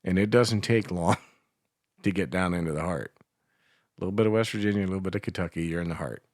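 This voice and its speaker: A radio co-host from Ohio in casual, crude, rambling banter on a morning show. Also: male voice, deep voice, a little fast, no room sound, studio quality. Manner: rambling, crude joking with laughs.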